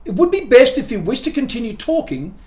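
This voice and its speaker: A man's voice: very high voice, big pitch swings, fairly quick, pitched above the performer's own voice. A man voicing an opinionated male squirrel who talks in a fussy, emphatic, proper way, in a storybook reading.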